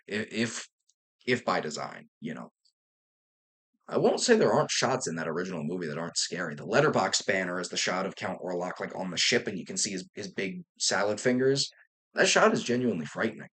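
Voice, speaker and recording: A man's voice: low-pitched, fairly bright tone, slightly rough. A young man talking casually and enthusiastically about a film, rambling with fillers and restarts and casual swearing. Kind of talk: casual movie review vlog.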